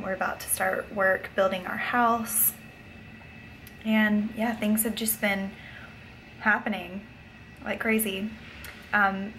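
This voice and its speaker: A woman's voice: medium pitch, pushed and bright, a little hiss or hum, poor audio. A young woman chatting casually in a video blog, talking with frequent fillers. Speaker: vlogger. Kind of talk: casual vlog chat.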